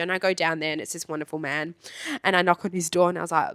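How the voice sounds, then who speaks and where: Podcast co-host, woman, lively storyteller who jumps into voices; dry close sound. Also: on the low side, fast, no room sound. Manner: animated, acts out voices in her stories. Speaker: podcast co-host, trip manager. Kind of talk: casual storytelling chat.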